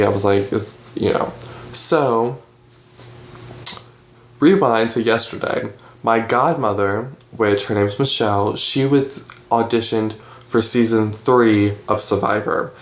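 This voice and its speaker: A man's voice: fairly low pitch, a little slow, long pauses, roomy sound. A young man casually telling a long story to the camera, rambling and acting out what everyone said. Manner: rambling, animated retelling with quoted dialogue. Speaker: vlogger. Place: bedroom at home.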